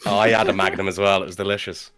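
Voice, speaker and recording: A man's voice: deep voice, fairly even intonation, rapid-fire, fairly bright tone. A man chatting casually on a live stream, playful and chatty as he tells a little story. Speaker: podcast writer.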